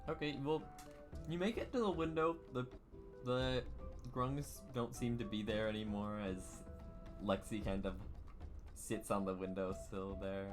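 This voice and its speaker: A man narrating as dungeon master of a tabletop game over an online call, halting and full of fillers. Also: on the low side. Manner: halting, with frequent fillers and laughs. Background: background music.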